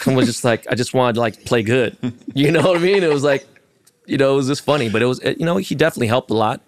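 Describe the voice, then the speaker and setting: A man co-hosting a golf podcast, telling animated stories and acting out the lines of the people in them. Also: mid-range voice, fast, dry recording, clean studio sound. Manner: animated storyteller acting out quotes. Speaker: podcast co-host. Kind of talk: casual storytelling. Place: golf course.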